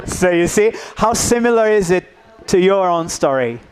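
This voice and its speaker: Animated and high-pitched at normal speed, a workshop leader coaxes his teacher audience, asking "yeah?" after nearly everything he says, with slight noise in the background.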